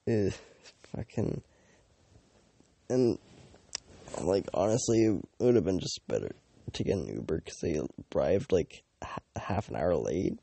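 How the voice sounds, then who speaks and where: A man's voice: low voice, expressive, slow, vocal fry, long pauses, warm tone, breathy edge. A teenage boy from Canada telling a rambling storytime, full of fillers and swearing, with mocking asides. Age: teens. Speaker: vlogger.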